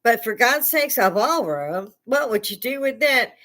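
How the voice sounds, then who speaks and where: With a fairly high, expressive, slightly bright voice and a measured pace, this older woman from Chicago, United States, runs a live stream. She rants her opinions bluntly and angrily in her Chicago accent, with lots of cursing.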